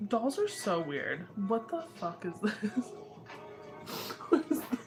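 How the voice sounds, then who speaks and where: Young woman livestream host, giggly and squealy, slow easy delivery over faint music. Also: mid-range voice, very animated. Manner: giggly, laughs constantly, squealing reactions. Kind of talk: casual livestream chat.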